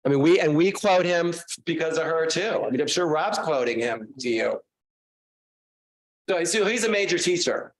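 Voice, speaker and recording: A man, a guest author, telling animated, self-mocking stories casually to a class. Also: on the high side, normal speed.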